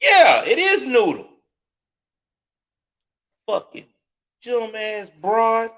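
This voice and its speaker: Host, male, high-pitched, profane and scornful ranting with sudden loud spikes. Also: huge pitch swings, very slow. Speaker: commentary show host. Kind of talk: heated live reaction commentary.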